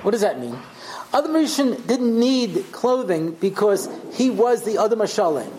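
A man's voice: sits high, very animated, normal speed, a little mellow, a little hiss or hum, low-quality recording. A man, a rabbi, teaching a class in a conversational storytelling way, often checking in with his listeners. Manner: conversational, tells stories acting out the voices, checks in with "yeah?". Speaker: rabbi giving a Torah class. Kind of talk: lecture with storytelling.

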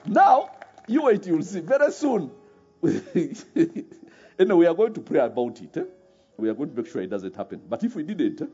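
Lively preacher, man, husky and dark voice, tosses questions at the crowd and laughs a lot; muffled recording, faint music. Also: fairly high pitch. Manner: laughs often, asks the audience rhetorical questions. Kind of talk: sermon.

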